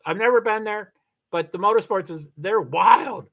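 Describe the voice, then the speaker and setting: An older man talks on his own livestream in a loose, wandering way, answering viewers' comments and drifting off topic. He stumbles through fillers and restarts. His voice swings from low mutters to sudden high, excited peaks. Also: moderate pace. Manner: big swings in pitch, rising high when excited. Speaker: livestream host. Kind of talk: casual livestream chat reading viewer comments.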